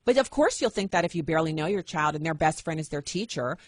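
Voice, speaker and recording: A middle-aged woman hosting a talk radio show, telling a personal story with lively acted-out quotes. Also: deep voice, fast talker, no room sound, clean studio sound. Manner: animated, acts out quoted voices.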